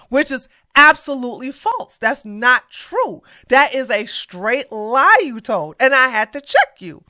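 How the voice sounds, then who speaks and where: Woman, high voice, tense bright tone, blunt, sassy, casual commentary. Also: very animated, unhurried, few pauses.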